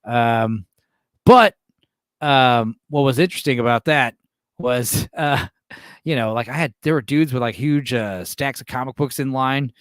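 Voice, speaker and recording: A man's voice: medium pitch, moderate pace, no room sound, studio quality. A man in his late thirties from Texas, chatting loosely on his own stream with swearing, chuckles and frequent restarts. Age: late 30s. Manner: loose, profane, chuckling, lots of fillers and restarts. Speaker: streamer host. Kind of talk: casual rambling stream chat.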